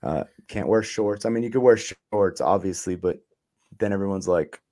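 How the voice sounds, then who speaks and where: A man with a somewhat low voice tells his own story in an easy, rambling way. He swears often, fills pauses with ums and "you know," and slips in short laughs. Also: mellow. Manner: profane, laid-back, trailing off with ums and laughs. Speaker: interview guest. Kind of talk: casual storytelling.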